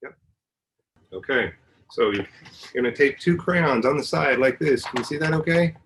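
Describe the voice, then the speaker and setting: A man's voice: medium pitch, expressive, moderate pace, fairly bright tone, a little hiss or hum, poor audio. A man, a university professor, patiently walking children through a hands-on science demonstration at home, singing notes and making vocal sounds to show how they work. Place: family home.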